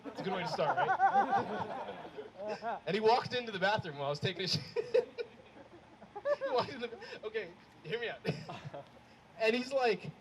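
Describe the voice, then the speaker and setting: A man's voice: high-pitched, moderate pace, long pauses. A man performing a stand-up comedy set live, acting out family arguments with big swings in his delivery. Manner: animated, acts out family quarrels with big swings. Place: live comedy show before an audience. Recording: crowd laughter over a noisy live room.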